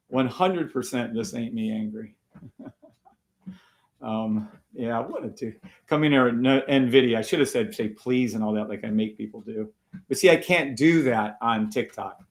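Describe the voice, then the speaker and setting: A man hosting a live trading stream, taunting and swearing at viewers in a combative way. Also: mid-range voice.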